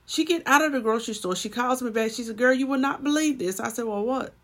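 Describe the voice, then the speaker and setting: A woman's voice: on the high side, fast. A woman preaching a sermon and telling a personal story, building to emphatic swells.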